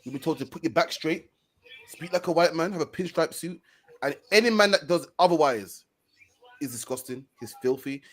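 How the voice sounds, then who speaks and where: A man hosting an online stream discussion, talking in a fast, emphatic, preaching way. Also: on the high side, a bit bright.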